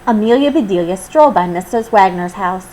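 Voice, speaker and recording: A woman reading a children's storybook aloud, with expressive, animated storytelling. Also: mid-range voice, brisk, a little hiss or hum, low-quality recording. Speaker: storybook reader. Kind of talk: children's read-aloud narration.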